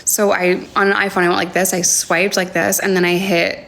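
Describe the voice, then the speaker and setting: A young woman with a lowish, slightly bright voice, flat delivery, and vocal fry shares a personal story over a phone livestream at home indoors. She hesitates often, leans on fillers, and at times nearly whispers.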